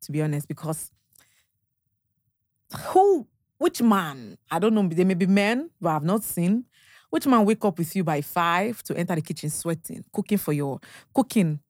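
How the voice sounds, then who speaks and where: Her voice is on the low side with big pitch swings, moving at normal speed in studio-quality audio without echo. A young Nigerian woman with a Nigerian accent, she's a podcast guest casually telling stories, animatedly acting out dialogue and laughing often.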